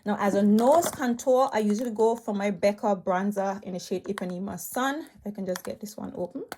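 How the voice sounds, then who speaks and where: A woman's voice: mid-range voice, fairly quick, darkish tone. A chatty woman reviewing her makeup in a loose, rambling way, her talk full of fillers and keen asides. She sounds a bit out of breath, recording on a tablet she holds, with a faint hiss and the odd click behind her. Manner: rambling, enthusiastic, full of fillers like "you know" and "um". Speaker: beauty vlogger. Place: home room cluttered with makeup. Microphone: tablet held in hand.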